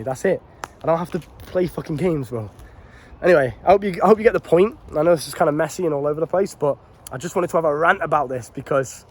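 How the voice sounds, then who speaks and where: A man's voice: a little high, darkish tone. Blunt, swearing young man ranting outdoors. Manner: blunt, swears freely, calls listeners bro. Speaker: dating advice vlogger. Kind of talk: casual unscripted rant to camera.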